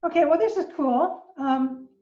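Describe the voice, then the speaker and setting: An older woman lecturing on astronomy, patient and explanatory, pausing on fillers as she works through each idea. Her voice sits a little high and sounds set back from the mic in a roomy living room. The recording is somewhat dull and muffled. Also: mellow, recorded from a distance. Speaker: astronomy professor giving a lecture. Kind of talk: informal online science lecture.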